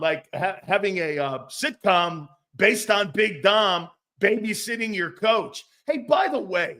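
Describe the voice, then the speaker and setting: A man hosting a casual sports talk show, blunt and animated, swearing freely. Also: high-pitched.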